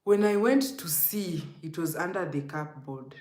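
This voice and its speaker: A woman's voice: fairly low pitch, measured pace, a little mellow, echoey room. A Kenyan woman telling an emotional, rambling storytime to her viewers, often calling them guys. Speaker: vlogger. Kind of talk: storytime vlog.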